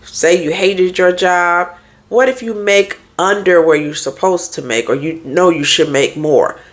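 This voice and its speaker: A woman's voice: on the low side, measured pace. A woman therapist and life coach talking candidly in a casual podcast monologue, firing off rhetorical questions to her listeners.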